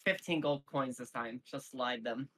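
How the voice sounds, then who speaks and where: A woman's voice: a bass voice, unhurried, low-quality recording. A woman playing in a tabletop game, hesitant and thinking aloud. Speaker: player. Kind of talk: casual tabletop play.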